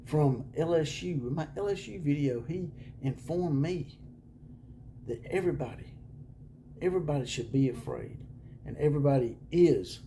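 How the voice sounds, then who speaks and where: A man hosts a college football video channel from a room at home. His voice sits at an ordinary pitch with a dark, mellow tone, and a faint hiss of background noise runs under it. He talks sarcastically, chuckling and sliding into hushed mock-whispers. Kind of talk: casual sarcastic video monologue.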